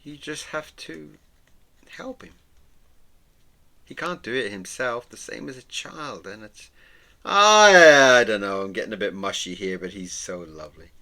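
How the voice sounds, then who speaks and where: A middle-aged man who hosts an art channel, chatting casually while he draws, rambling and sentimental, with soft murmured asides and frequent chuckles. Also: medium pitch, sing-song, measured pace, pauses often. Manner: chuckles often. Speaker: artist and channel host. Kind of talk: casual chat while drawing.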